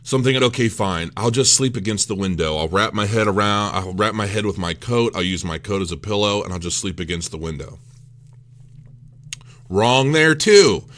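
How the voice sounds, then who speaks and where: A man's voice: lowish voice, expressive, normal speed, fairly bright tone. A man recovering from illness tells a rambling, self-mocking story in a casual vlog, swearing freely. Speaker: crypto vlogger.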